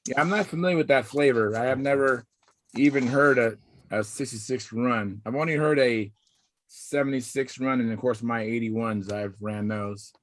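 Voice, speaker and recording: A man's voice: medium pitch, moderate pace. A man hosting a casual video call hangout, chatty and welcoming as people join.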